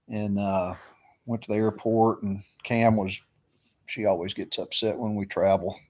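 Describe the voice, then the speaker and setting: Low-voiced man, rambling storyteller. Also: a little mellow. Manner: rambling, drawling with many fillers. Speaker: live stream host. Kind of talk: casual storytelling chat.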